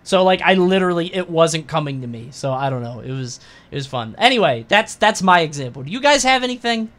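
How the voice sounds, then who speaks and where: A man co-hosting a casual gaming podcast, talking loosely and quick to laugh along and concede points. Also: a little high, animated, a bit bright. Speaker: podcast co-host, commentator. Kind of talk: casual chat.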